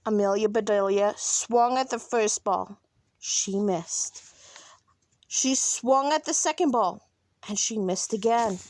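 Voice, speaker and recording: A woman reading a children's picture book aloud in an expressive, animated way. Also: medium pitch, slow, no room sound. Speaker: storybook reader.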